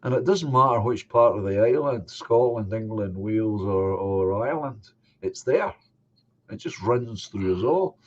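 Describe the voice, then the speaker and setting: A man hosting a casual chat stream, affable and quick to acknowledge. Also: fairly low pitch, highs cut off. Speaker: host.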